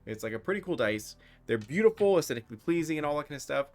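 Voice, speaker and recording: A man acts as game master for a streamed tabletop role-playing session, easygoing and full of little fillers as he sets the scene. Soft music plays faintly behind him. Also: a little high, racing. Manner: relaxed, filler-heavy talk.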